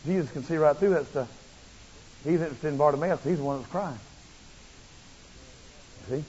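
A male preacher giving a fervent, repetitive sermon that rises into shouts. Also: a little high, moderate pace, a little hiss or hum. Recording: muffled, long hall reverb.

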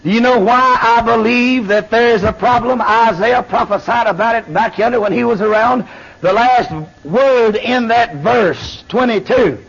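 A man preaching a fiery sermon, swinging between shouted lines and low murmurs. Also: a little slow, vocal fry, husky. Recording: dull lo-fi sermon recording.

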